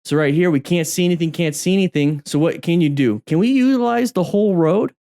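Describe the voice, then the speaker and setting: A man's voice: a little high, fairly quick, dark tone. Chatty man commenting on riding videos. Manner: chatty, repeats phrases for emphasis. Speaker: motorcycle riding instructor.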